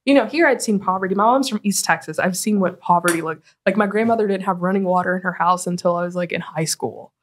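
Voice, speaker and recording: A woman guest, a nonprofit executive director, speaking in a casual interview, animated and full of "like" fillers. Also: fairly low pitch, fast talker, few pauses, a little hiss or hum. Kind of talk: conversational interview.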